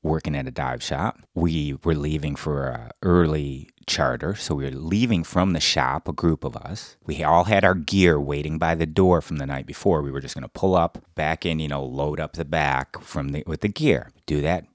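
Middle-aged guy on a podcast, deep voice, swears a lot, acts out the yelling bits, dry close sound. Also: normal speed, few pauses, dry recording. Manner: blunt, profane storytelling with loud acted-out quotes. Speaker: podcast co-host. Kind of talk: casual chat.

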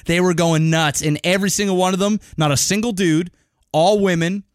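A man's voice: high voice, fairly quick, clear, resonant tone, no room sound, clean studio sound. Profane, rambling male podcast co-host. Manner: profane, rambling, animated storytelling. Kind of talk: casual chat.

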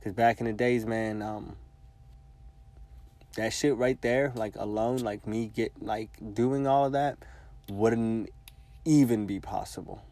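A man's voice: fairly low pitch, fairly even intonation, slow pace, pauses often, warm tone, no echo. A man in his twenties telling a long personal story in casual, profane, rambling speech full of filler words. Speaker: vlogger.

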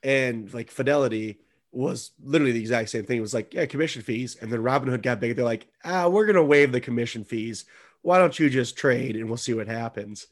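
A man chats casually. He talks in an animated, mocking way and swears freely. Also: mid-range voice, a little fast. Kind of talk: casual chat.

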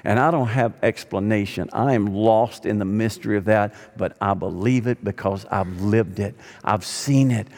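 A man preaching a sermon as pastor, swinging between loud emphatic lines and hushed ones. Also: on the low side, moderate pace, few pauses. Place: church sanctuary. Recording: long hall reverb.

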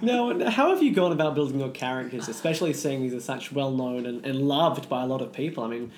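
A man's voice: mid-range voice, lively intonation, fast, a little mellow. A man who is also a cast member, interviewing his castmates in a conversational way with dry humor. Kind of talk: casual podcast interview. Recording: roomy with crowd chatter behind.

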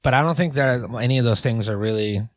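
A man's voice: medium pitch, fast talker, no room sound, clean studio sound. A man hosting a podcast in casual, rambling chat, joking and leaning on fillers. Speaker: podcast host.

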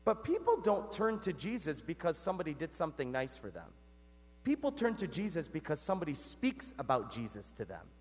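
A priest preaches a sermon in an earnest, chatty way, his high voice swinging up and down. He keeps asking his listeners questions, and the long reverb of the church trails after his words. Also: wildly swooping pitch, a little fast. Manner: addresses the congregation as "guys". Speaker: Catholic priest.

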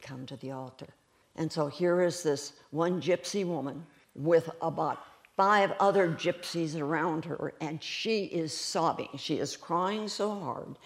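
A woman with a gravelly, creaky voice preaches a sermon. She tells her stories in an animated way and breaks into laughter often as she goes. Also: deep voice, measured pace. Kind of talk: sermon storytelling.

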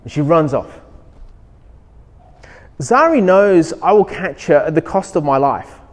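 Speaking a little slowly in a slightly high, animated voice, a pastor preaches through stories, pushing his lines upward for emphasis. He acts out a child's voice as he goes, and the church hall adds long reverb.

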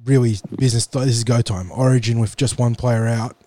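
A man co-hosting a sports podcast, sounding hoarse and nasal from a cold, giving brisk match predictions. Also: mid-range voice, steady tone, warm tone, dry recording. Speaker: podcast co-host. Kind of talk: casual sports podcast chat.

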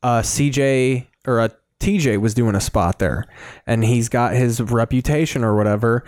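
A man's voice: medium pitch, moderate pace, darkish tone, no room sound, studio quality. A man who is a comedian from the scene, chatting casually and wryly, often quoting others. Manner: conversational, wry, quotes others. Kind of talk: casual podcast chat.

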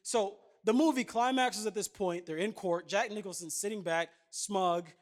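A man's voice: sits high, moderate pace. A man in his thirties preaching a sermon, chatting with the congregation in asides and then building to emphatic points. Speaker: pastor.

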